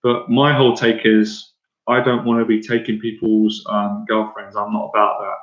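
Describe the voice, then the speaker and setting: An Irish man in his thirties, a confidence coach talking casually to viewers on a livestream, excitable and rambling with lots of fillers and restarts. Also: lowish voice, moderate pace. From Ireland. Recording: echoey room, dull lo-fi sound.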